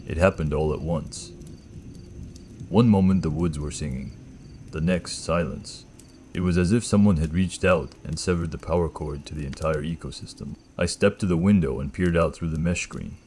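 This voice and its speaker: Deep-voiced man narrating measured horror. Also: darkish tone, slight background noise. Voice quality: slight gravel in the throat. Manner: slow, measured, ominous delivery. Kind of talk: scripted first-person horror narration.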